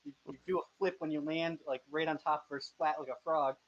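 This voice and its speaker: A man's voice: a little high, steady tone, a little fast, fairly bright tone. A man in his twenties narrating a tabletop game as game master, casual and joking, often stumbling over his words. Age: 20s. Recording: dull lo-fi voice chat audio.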